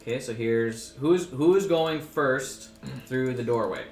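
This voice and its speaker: A man running a tabletop game session as game master, stopping now and then to fix his software. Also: medium pitch, slow pace. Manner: stops to fix the software and asks players to wait. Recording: echoey room, faint music behind.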